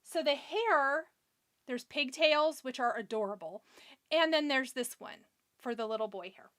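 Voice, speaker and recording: A woman with a high, bright speaking voice leads a live craft tutorial. She keeps up a running, self-deprecating chat as she glues and layers small pieces, and she stops now and then to answer viewers. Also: animated, a little slow. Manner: chatty and self-deprecating, talking to herself as she works. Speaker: crafting livestream host.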